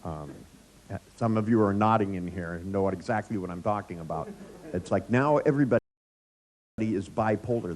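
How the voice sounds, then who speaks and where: A man's voice: on the low side, normal speed, a little mellow. A man leading a live workshop in front of an audience, telling blunt, irreverent stories and laughing often. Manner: joking storyteller, laughs often. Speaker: workshop trainer.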